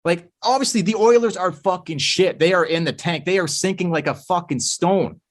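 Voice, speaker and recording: A man's voice: high voice, normal speed. A man co-hosting a podcast, chatting casually and ranting with a lot of swearing. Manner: profane, ranting, animated. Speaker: podcast co-host. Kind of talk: casual sports chat.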